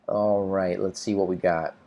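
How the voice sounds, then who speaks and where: American guy doing a live english lesson, lowish voice, laid back, lots of ums while he reads chat. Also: moderate pace. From United States. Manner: relaxed, thinks aloud with fillers and restarts. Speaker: English teacher hosting a livestream. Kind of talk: casual livestream lesson, reading chat comments.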